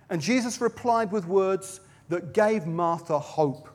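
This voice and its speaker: A man with a high voice preaches a sermon at a baptism service from a platform in a large venue. He tells Bible stories with flair, dramatically quoting and swinging his loudness. The sound carries a long hall reverb. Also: takes it slowly, few pauses.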